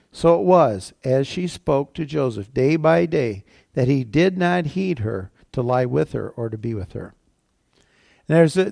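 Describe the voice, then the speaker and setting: A man's voice: fairly high pitch, creaky, darkish tone, no echo, clean studio sound. A male pastor giving a conversational, folksy sermon in church, chuckling between points.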